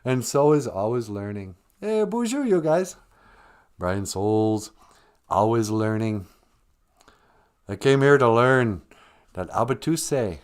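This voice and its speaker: A man's voice: mid-range voice, big pitch swings, slow, long pauses, clean tone. A man hosting a livestream, chatting casually from home in a rambling, joking way. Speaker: livestream host. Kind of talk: casual chat.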